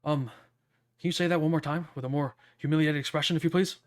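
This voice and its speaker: A man voicing a pervy, excitable young male sidekick in a visual novel read-through, making hesitant, leering requests. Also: fairly high pitch, fast, soft background music, lightly acted.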